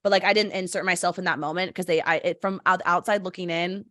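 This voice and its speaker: A woman's voice: on the low side, steady tone, quick pace, fairly bright tone, no echo, clean studio sound. A woman in her twenties hosting a casual podcast, chatty and swearing freely as she acts out quotes. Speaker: podcast host.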